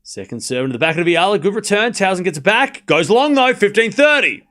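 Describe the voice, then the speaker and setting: A man calling a tennis match live for his stream, calling out the score and chatting with his viewers in a casual, excitable way. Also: high voice, quick pace. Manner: excitable, calls the score, chats with viewers, shouts at big points. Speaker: streamer doing live tennis watchalong commentary.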